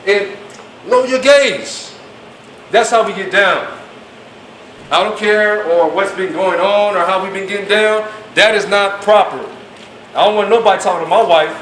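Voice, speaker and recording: A man lectures a class in an emphatic, colloquial way, acting out the things people say. His voice is high-pitched and fairly bright, at a moderate pace. The room is echoey, with a distant mic and faint noise.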